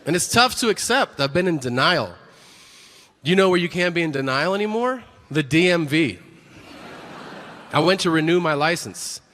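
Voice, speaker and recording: A man's voice: on the high side, normal speed, long pauses. A man in his forties performing a live stand-up set, telling profane stories and acting out the people in them. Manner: profane, animated storytelling with acted-out quotes. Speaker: stand-up comedian. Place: stage before a live audience. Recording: live stage recording with crowd noise.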